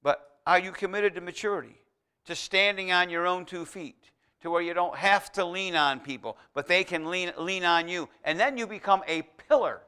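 Bright-voiced folksy male preacher. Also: sits high, normal speed, smooth. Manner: folksy, emphatic, rises to loud exhortation. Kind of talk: conversational sermon.

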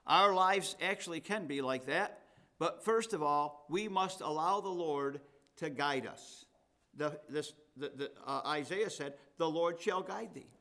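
A man's voice: fairly high pitch, a little slow, bright, forceful tone. A man, the pastor, preaching a sermon in a conversational way and reading scripture with rising emphasis.

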